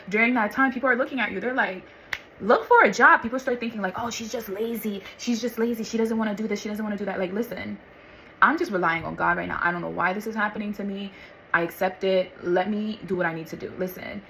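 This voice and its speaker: A woman telling her personal faith testimony in a casual, animated way, calling listeners honey and y'all and acting out what others said. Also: on the low side, slight background noise, rough recording. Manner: animated, acts out voices of others and God. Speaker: vlogger sharing faith testimony.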